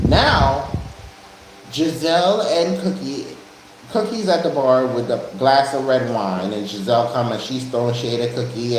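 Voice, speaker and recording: Man recapping in a very echoey room. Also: medium pitch. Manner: rambling plot retelling with restarts. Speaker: show recap host. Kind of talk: casual TV recap chat. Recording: very echoey room, faint noise.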